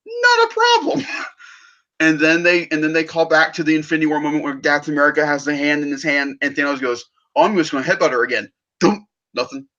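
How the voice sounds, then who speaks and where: A man's voice: a little high, pushed and bright, highs cut off. A man hosting a movie podcast, eagerly retelling film scenes in casual review chat.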